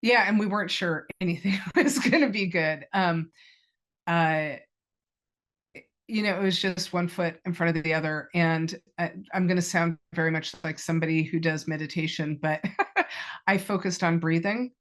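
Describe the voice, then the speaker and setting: A woman's voice: on the low side, moderate pace, a bit bright. A woman in her fifties, a cancer patient, telling her personal story in an interview in a candid, reflective way, with many ums. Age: 50s. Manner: candid and reflective, with frequent fillers.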